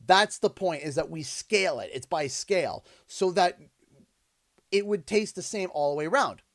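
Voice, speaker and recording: A man with a Canadian accent, hosting a livestream and telling a casual story in an animated, exasperated way. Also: high-pitched, normal speed, no room sound, studio quality. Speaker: livestream host. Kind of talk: casual storytelling while streaming.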